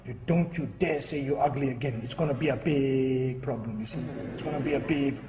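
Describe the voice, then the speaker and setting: A man's voice: medium pitch, a little fast, noisy background, pitched below the performer's own voice, close to an everyday voice. A man voicing a flustered pet shop owner who pleads in a soothing way, in an echoey hall. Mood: pleading. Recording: echoey hall, far from the mic.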